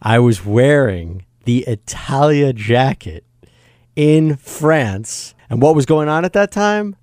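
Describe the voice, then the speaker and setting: A male co-host adds short comments to a shared story, speaking slowly while his pitch rises and falls freely. The recording is close and dry. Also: lively intonation, a little mellow, dry recording. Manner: chimes in with short agreeing remarks. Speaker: podcast co-host. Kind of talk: casual chat.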